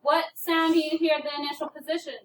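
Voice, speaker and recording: A woman's voice: sits high, little pitch movement, quick pace, background noise. A woman teaching a phonics lesson to a class, patiently prompting students and calling on them by name. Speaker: elementary school teacher. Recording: echoey classroom from far off.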